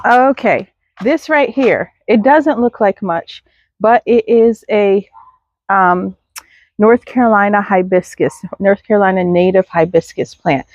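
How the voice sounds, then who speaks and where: A woman's voice: mid-range voice, measured pace, no room sound, dull audio. A woman gives a casual outdoor garden tour, chatting to viewers and talking to her plants. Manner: chatty, self-deprecating, talks to viewers and plants. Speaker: garden vlogger.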